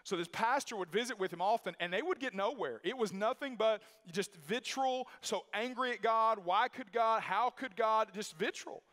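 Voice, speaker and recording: A man with a fairly high voice preaching in a church, full of emphatic repetition and storytelling. His voice rings with the long echo of a large hall. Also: normal speed, few pauses, fairly bright tone. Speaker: pastor. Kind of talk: sermon. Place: church sanctuary.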